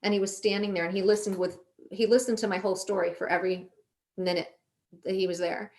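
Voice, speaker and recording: A woman's voice: mid-range voice, level tone, fast, a little mellow. A middle-aged woman, a guest on a conversational show, telling a personal story earnestly and emotionally, with frequent restarts.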